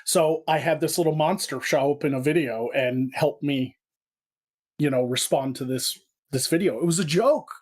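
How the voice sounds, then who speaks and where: A man, a comedy creator, chatting in an interview and telling stories in an animated way. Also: on the high side, normal speed. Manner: animated storyteller, slipping into voice impressions. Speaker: guest, online comedy creator. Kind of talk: casual interview chat.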